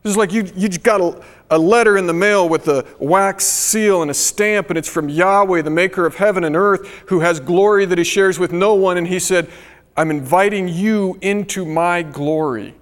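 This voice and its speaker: A man preaching a sermon, earnest and emphatic, slowing down to stress key phrases. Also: high voice, fairly even intonation. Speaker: pastor. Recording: long hall reverb.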